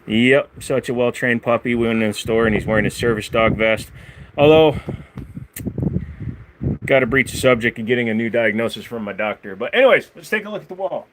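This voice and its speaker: A man's voice: medium pitch, normal speed, slight background noise. Chatty man hosting a livestream. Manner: chatty, talks baby-talk to his dog. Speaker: livestream host. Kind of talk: casual livestream chat.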